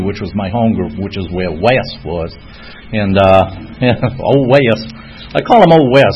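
Rambling Boston man telling his story. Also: lowish voice. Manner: rambling, many fillers, chuckles often. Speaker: speaker sharing a recovery story. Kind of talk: personal storytelling talk. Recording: dull lo-fi recording with faint noise.

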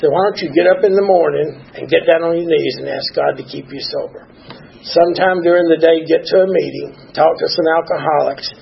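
Gravelly man sharing at a meeting. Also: a little high, brisk. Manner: plainspoken, earnest, rambling. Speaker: speaker at a recovery meeting. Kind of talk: personal share at a meeting. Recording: dull lo-fi recording.

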